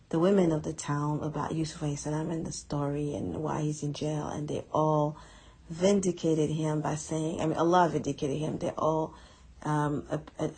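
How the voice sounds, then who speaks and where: A woman with a low, husky voice talks through a Quran reflection lesson. She is earnest and chatty, and she repeats words to stress a point. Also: warm tone, rough recording. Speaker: Quran teacher.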